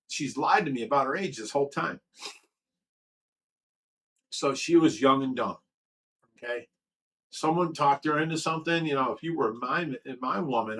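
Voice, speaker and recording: A man's voice: fairly high pitch, fairly bright tone, a little hiss or hum, poor audio. A man hosting a casual livestream, reading viewer comments aloud and answering them in an earnest, emotional way. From Ohio. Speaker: livestream host reading chat.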